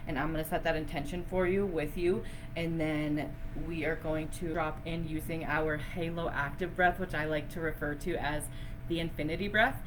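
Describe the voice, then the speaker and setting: A woman's voice: deep voice, noisy background. A woman teaching breathwork on a live online session, chatty and effusive, laughing often and using a lot of fillers. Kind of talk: casual live-stream teaching.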